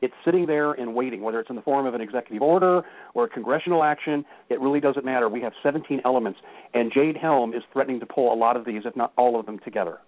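Fast-talking man over a phone line. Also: mid-range voice. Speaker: guest. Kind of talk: call-in radio talk.

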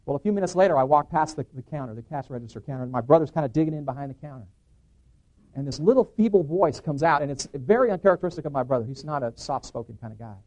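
Man, middle-aged, rapid-fire church testimony, higher voice, excited restarts. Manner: excited, acts out dialogue, frequent restarts. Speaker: guest speaker giving testimony. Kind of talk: animated testimony storytelling.

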